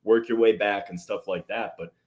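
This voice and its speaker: A man co-hosting a sports podcast in casual chat, jokey and quick to laugh, making confident hot takes. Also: lowish voice, fairly even intonation, a little mellow.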